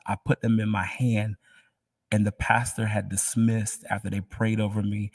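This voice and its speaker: A man telling his personal faith testimony in an emotional, halting way, often dropping to a near whisper. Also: on the low side, no room sound, recorded from a distance.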